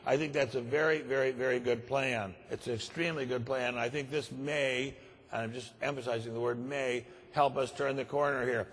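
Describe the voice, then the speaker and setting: A man's voice: medium pitch, steady tone, fairly quick, few pauses, husky, in a large hall. Grave older man giving a speech. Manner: grave, emphatic, repeats words for stress. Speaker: conference speaker. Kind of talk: keynote speech. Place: large conference hall.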